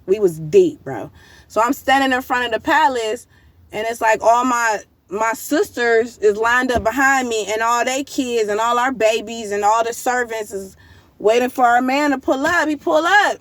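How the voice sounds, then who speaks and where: A woman casually telling a vivid dream story, excited and full of slang and fillers. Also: mid-range voice, no echo. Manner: excited, animated slang-heavy retelling with many fillers. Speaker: vlogger recounting a dream.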